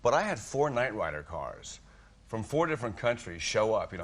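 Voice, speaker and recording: A man's voice: on the low side, moderate pace. A man telling stories as a talk show guest, acting out voices as he goes. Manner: animated storyteller, acts out voices. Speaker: celebrity guest. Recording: noisy studio audience.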